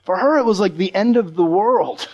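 A man preaching to a live audience, telling a story in a lively way and acting out the voices of the people in it. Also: high voice, normal speed, highs cut off. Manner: animated, acts out the voices of the people in his stories.

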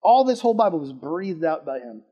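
On a muffled recording, a man with a husky, somewhat high voice talks briskly. Preaching in a casual, chatty way, he poses questions to his listeners and tells a personal story, alternating lively loud stresses with hushed asides.

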